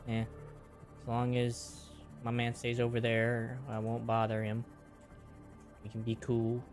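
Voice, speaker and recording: A man's voice: medium pitch, monotone, a little slow, faint music behind. A man streaming a game, talking casually to himself with mild minced oaths. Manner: chatty self-talk with mild minced oaths. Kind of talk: casual gameplay commentary.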